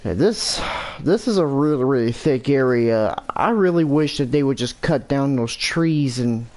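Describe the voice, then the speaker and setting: Male gamer, mid pitch, casual play-by-play, mutters his thoughts aloud. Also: animated, a little slow, a little mellow. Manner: thinking aloud, muttering to himself. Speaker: gameplay commentator. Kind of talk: casual gameplay commentary.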